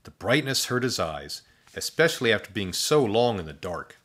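A man narrating a children's storybook with a lower voice. His delivery is expressive and animated, with plenty of swing in his pitch. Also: normal speed.

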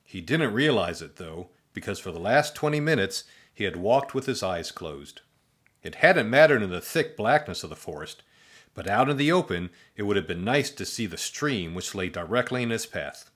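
Male storybook narrator, low and deadpan, comic asides. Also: moderate pace.

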